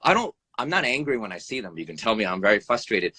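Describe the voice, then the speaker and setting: A man who works as an emergency room doctor, talking bluntly over a live video stream, swearing freely, his pitch jumping up and down, and tagging "right?" onto his points. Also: quick pace, slightly rough, dry recording. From United States. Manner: animated, pitch jumps up and down. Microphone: phone or video call mic.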